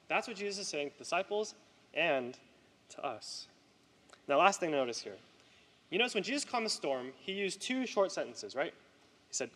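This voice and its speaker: Animated preaching man in a reverberant hall. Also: on the high side, normal speed, pauses often. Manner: animated, conversational preaching with frequent "right?". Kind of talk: sermon.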